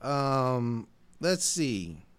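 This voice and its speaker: A man hosting a podcast, casually rattling off listener shout-outs and laughing easily along the way. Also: mid-range voice, sing-song, very slow, clean tone. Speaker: podcast host.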